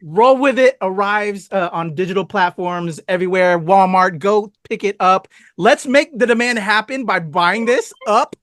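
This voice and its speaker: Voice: medium pitch, moderate pace, hardly any pauses, a bit bright, dry recording, clean studio sound. An interview host who talks in an enthusiastic, gushing way. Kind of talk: casual interview chat.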